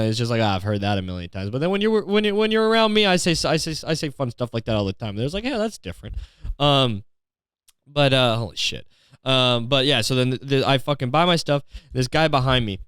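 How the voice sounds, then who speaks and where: A man with a smooth, resonant voice delivers an exasperated comedic rant, swearing constantly and dripping with sarcasm. He is recorded close and dry on a podcast mic, with no room sound. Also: medium pitch, no echo. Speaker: podcast host.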